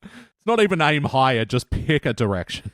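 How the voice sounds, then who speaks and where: A man's voice: mid-range voice, big pitch swings, moderate pace, a bit bright. A man co-hosts a casual review chat in a conversational, mid-range voice. He tells anecdotes, laughs often and steers the talk with questions. The sound is close and dry, with no room echo. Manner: chatty storyteller, laughs often, leads the questions. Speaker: podcast co-host.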